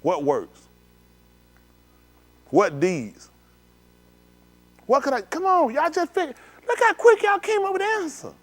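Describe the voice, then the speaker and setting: A man preaching a sermon, animated, swinging between low murmurs and loud exclamations. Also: measured pace, long pauses. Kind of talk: sermon with live demonstration. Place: synagogue hall.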